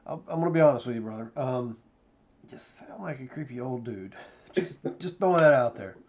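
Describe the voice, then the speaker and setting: A man's voice: medium pitch, animated, brisk, darkish tone. Teasing man at a tabletop game. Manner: teasing, joking banter. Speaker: tabletop player. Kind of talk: casual tabletop role-play.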